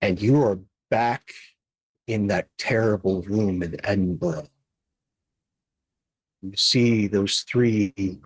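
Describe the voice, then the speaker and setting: A man running a tabletop horror game as game master, narrating in a slow, measured, grim way. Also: lowish voice, no echo.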